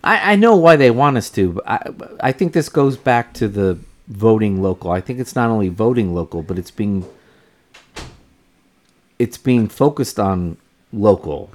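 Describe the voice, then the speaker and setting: A man co-hosting a casual podcast, talking in a calm, reflective way and thinking aloud. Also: fairly low pitch, moderate pace. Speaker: podcast co-host.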